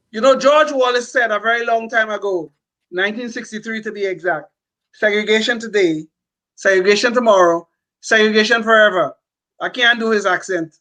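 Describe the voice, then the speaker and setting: A man's voice: high-pitched, sharp tone, low-quality recording. An older man talking as a podcast co-host, impassioned and emphatic, often repeating words as he builds a point. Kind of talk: opinionated political talk.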